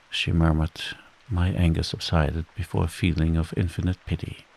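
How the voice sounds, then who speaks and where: A man reading a bedtime story as scripted narration, soothing and unhurried. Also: low voice, level tone, creaky, breathy edge, rough recording.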